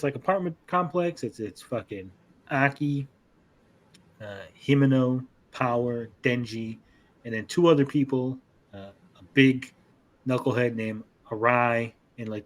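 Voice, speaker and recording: This man co-hosts an anime podcast, recapping episodes casually with plenty of rambling and profanity while acting out characters' lines. His voice sits mid-range and is a bit bright.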